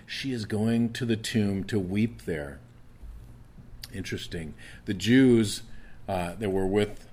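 A low-voiced male pastor in middle age gives an earnest sermon. He presses his points with emphasis and often stumbles into restarts as he goes. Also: darkish tone.

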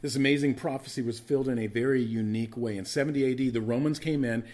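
A man's voice: mid-range voice, steady tone, quick pace, darkish tone. A man preaching a sermon, teaching with emphatic repetition and conversational asides to his congregation. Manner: emphatic teaching, repeats key words for stress, asks listeners to take notes. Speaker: pastor.

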